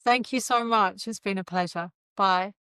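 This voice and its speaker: A middle-aged woman yoga teacher, a podcast guest, talking in a gentle, earnest, reflective way. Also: medium pitch, moderate pace, clear, resonant tone, no echo. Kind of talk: casual interview chat.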